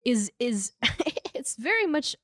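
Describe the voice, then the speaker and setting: A woman co-hosting a podcast in relaxed chat. Her voice is a little high and very lively, full of quick asides. The sound is dry and close. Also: no echo. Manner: animated, laughs often, quick asides. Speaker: podcast co-host. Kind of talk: casual chat.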